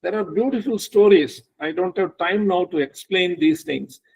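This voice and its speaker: Guy teaching vedanta online, kinda gravelly, a bit high, lots of uhs and restarts. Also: darkish tone, slight background noise, rough recording. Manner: halting, many uh fillers and restarts. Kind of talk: online spiritual lecture with storytelling.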